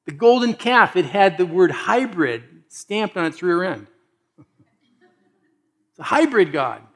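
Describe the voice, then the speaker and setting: A male pastor delivering a sermon with a slightly higher voice than most men. He talks animatedly and plays out the quoted voices in a casual, conversational way. His level swings from loud emphasis to near-hushed lines. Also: sing-song, slow pace.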